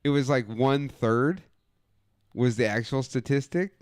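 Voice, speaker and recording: A man co-hosts a casual chat show and tells a rambling, profane story. His voice is smooth and resonant, in a middle register. The sound is dry and close, with no room around it. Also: medium pitch, a little slow, darkish tone, dry recording. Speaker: co-host.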